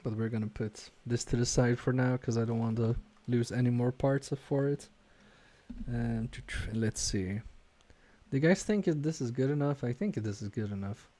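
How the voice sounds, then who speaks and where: A man's voice: mid-range voice, moderate pace, dark tone. A man casually live-streaming a repair from his home workbench, reading viewer chat aloud and muttering to himself with self-mocking humor.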